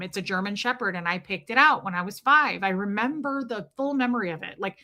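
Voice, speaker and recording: A woman's voice: medium pitch, bright, forceful tone. A middle-aged woman hosting a casual livestream, chatty and emotional, greeting viewers by name as she tells a personal story. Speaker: livestream host.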